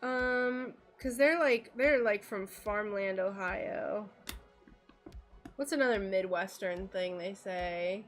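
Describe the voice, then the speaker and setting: A woman chatting casually with her live-stream viewers while she crafts stained glass, playful and quick to laugh. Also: mid-range voice, soft background music. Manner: chatty and playful, laughs often, talks to chat.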